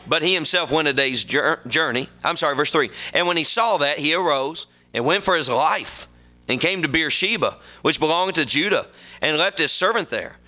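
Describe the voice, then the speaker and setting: Bright-voiced preacher. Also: male voice, on the high side, expressive, normal speed. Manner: folksy storytelling, reads scripture aloud. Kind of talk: sermon.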